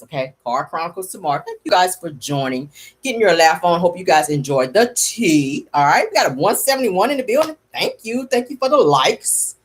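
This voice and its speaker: A woman's voice: lowish voice, slightly rough. A woman hosting a casual comedic livestream, sassy and chatty, calling her viewers honey and y'all. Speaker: livestream host.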